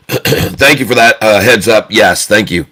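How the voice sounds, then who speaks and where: A man hosting a casual day-trading live stream from his phone, talking in a booming, loud and animated way. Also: unhurried.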